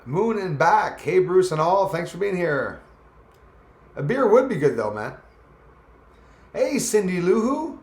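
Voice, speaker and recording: A man's voice: high voice, very animated, unhurried, long pauses, darkish tone. A man hosting a casual live stream, chatting loosely and greeting viewers by name as their comments come in. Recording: echoey room.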